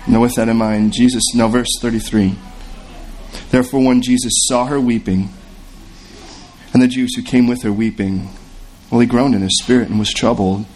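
A man preaches a sermon in an expressive, storytelling way, acting out the voices of the people in the story. His voice sits at a middle pitch, and a faint noise runs under the recording. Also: normal speed. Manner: expressive preaching, acts out the voices of biblical figures. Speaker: pastor.

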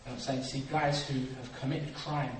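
A man preaching a sermon, acting out dialogue and swinging from quiet reflection to loud, animated storytelling. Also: medium pitch, moderate pace. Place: church hall. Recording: echoey hall, distant mic, noisy.

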